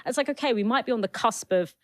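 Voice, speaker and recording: A woman's voice: on the high side, rapid-fire, dry recording. A woman guest in a casual conversation, rambling with lots of "like" as she makes her point.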